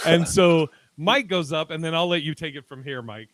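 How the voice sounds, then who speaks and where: A man hosting a podcast over a video call, in an animated, profane storytelling mode. His voice sits a little higher than most men's, and the sound is dry and close. He jumps into acted-out quotes of other people. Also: moderate pace, no room sound. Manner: animated storyteller, acts out quotes, swears a lot. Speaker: podcast host. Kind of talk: casual chat.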